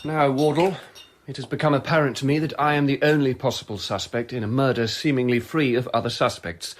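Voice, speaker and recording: An actor playing a brooding young gentleman under suspicion in a radio drama, sardonic and cutting. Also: medium pitch, steady tone, a little fast, lightly acted. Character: bitter young gentleman suspect, drinking.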